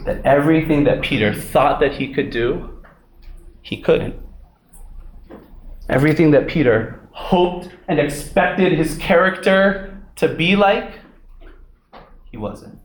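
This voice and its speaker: A man's voice: on the high side, slow, pauses often. A young man preaching a sermon in a conversational way, with asides like "right?", in an echoey room.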